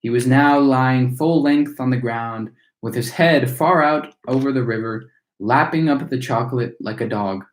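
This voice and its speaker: A man reading a children's book aloud for storytime, in a middle pitch. His reading is steady and lively. The room around him is roomy and echoey. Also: unhurried. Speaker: storytime reader.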